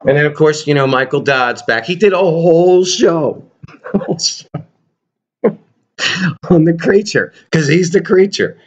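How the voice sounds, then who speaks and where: A man's voice: on the high side, measured pace, long pauses, highs cut off. A man vlogging casually to his viewers about his toy collection, rambling and joking. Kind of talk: casual chat to camera.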